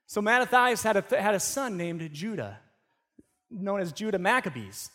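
A man with a high-pitched voice gives a sermon. He preaches like he is chatting, retelling a story with frequent restarts and repeated words. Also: lively intonation, normal speed, a bit bright. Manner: conversational storytelling with many restarts. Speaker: pastor.

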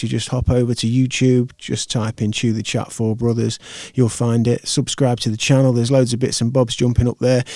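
A podcast host wraps up his show with a loose, rambling sign-off full of ums, fillers, and false starts. His mellow voice stays fairly flat in pitch, recorded dry and close on a podcast microphone with no echo.

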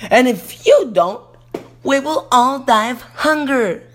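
A man's voice: sits high, sing-song, normal speed, breathy edge, voice pushed up, full character voice. A man doing a snappish cruel stepmother. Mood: snapping. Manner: sharp, snapping. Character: nasty scolding stepmother, woman.

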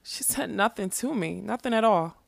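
A woman voicing a grim, haunted young king in a storybook reading, hoarse and pleading. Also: mid-range voice, animated, moderate pace, no room sound.

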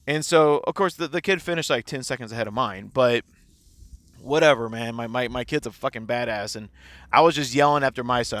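A man's voice: mid-range voice, fairly quick, fairly bright tone, no echo. A man in his forties, a teacher, talking casually and candidly in a personal audio diary, rambling and swearing freely.

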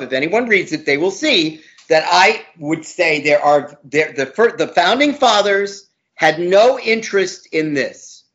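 A man's voice: a little high, fairly bright tone. A man, a law professor, talking as an interview guest in an emphatic, opinionated way, repeating words for stress. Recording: dull lo-fi audio.

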